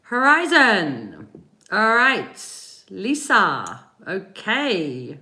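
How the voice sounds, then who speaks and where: Bright-voiced British woman chatting on a livestream. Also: mid-range voice, lively intonation, unhurried. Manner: chatty, greets viewers by name, laughs often. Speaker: spiritual reader and livestream host. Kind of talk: casual livestream chat. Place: home in Spain.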